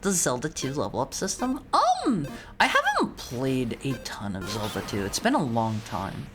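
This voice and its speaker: A woman's voice: rumbling low, big pitch swings, unhurried, over music. A young woman streamer chatting casually while playing a game, rambling and often stumbling over and repeating her words. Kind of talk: casual let's-play commentary.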